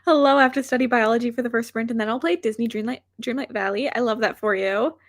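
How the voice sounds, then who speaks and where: A woman's voice: on the high side, quick pace, no room sound, clean studio sound. A woman hosting a casual book livestream, chatting and reading out viewer comments, rambling and self-deprecating. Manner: chatty, rambling with frequent "like" fillers. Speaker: booktuber hosting reading sprints.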